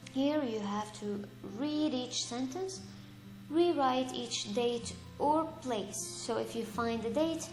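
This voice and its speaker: A woman teaching an English grammar lesson, reading example sentences aloud slowly and patiently, and correcting her own slips. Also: a little high. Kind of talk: slow, deliberate lesson for young learners. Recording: echoey room with faint music.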